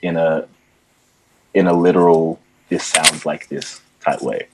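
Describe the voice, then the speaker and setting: Deep-voiced young man, laid-back musician. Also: steady tone, measured pace, noisy background. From Ghana. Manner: laid-back, many "like" and "um" fillers. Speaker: musician guest. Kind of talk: casual interview chat.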